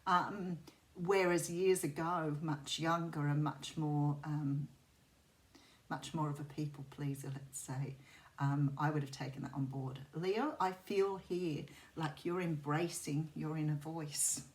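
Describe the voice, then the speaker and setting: A woman's voice: low-pitched, fairly even intonation, measured pace. A middle-aged Australian woman with a soothing voice, giving a chatty tarot reading to camera in a rambling, intuitive way. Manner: rambling and intuitive, with many fillers and restarts. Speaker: tarot reader.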